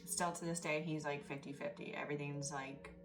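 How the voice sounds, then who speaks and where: A woman talks through a tarot reading in a low, confiding voice that turns emotional and tearful at times. She sits back from the microphone, and loud music plays beneath her. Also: flat delivery, fairly quick. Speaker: tarot reader. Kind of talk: casual spoken tarot reading. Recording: distant mic with loud background music.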